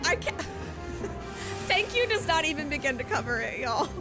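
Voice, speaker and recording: A woman's voice: sits high, expressive, moderate pace. A young woman streaming a video game live, talking emotionally to her viewers, exclaiming and laughing often. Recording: game music playing behind.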